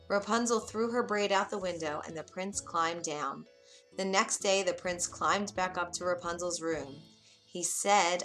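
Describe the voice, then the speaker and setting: A woman narrates a children's bedtime story in a gentle, unhurried manner. Her voice has a bright, clear tone. Soft music plays faintly underneath. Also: lowish voice.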